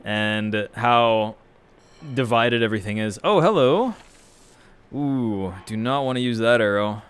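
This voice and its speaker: While gaming live, a man reads chat and answers in a meandering, foul-mouthed, relaxed manner. His medium-pitched voice is clear and resonant, and he keeps a measured pace.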